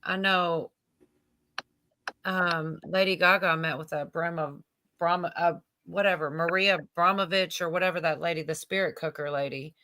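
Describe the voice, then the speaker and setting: A woman chatting quickly in a casual group conversation, often trailing off mid-thought. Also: fairly low pitch, steady tone, sharp tone.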